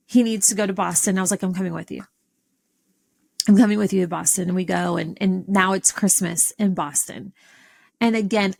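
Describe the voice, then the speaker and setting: Animated woman podcast host telling a story. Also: gravelly. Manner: animated, expressive storyteller with sudden pitch jumps. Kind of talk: personal storytelling monologue.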